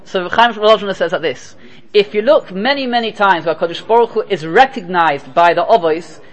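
High-voiced man teaching a Torah class. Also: normal speed. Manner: lively storytelling mixed with Hebrew and Yiddish terms.

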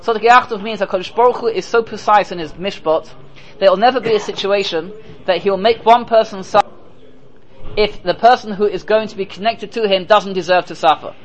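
With the highs cut off in the recording, a high-pitched male voice moves a little fast as a rabbi teaches Torah. He speaks emphatically, works through rhetorical questions of his own, and uses Hebrew and Yiddish terms.

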